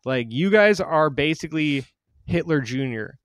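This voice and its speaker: Brief: male comedy podcast co-host, loud and animated, slightly raised pitch. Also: unhurried, no echo. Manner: loud, animated, jumps into shouted silly voices. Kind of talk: crude comedic podcast banter.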